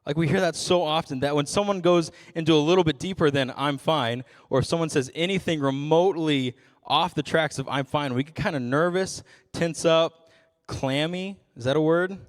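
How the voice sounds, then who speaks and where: A man's voice: a little high, moderate pace, big-room sound. A young adult man giving a youth sermon as a ministry intern, casual and self-deprecating with frequent jokes.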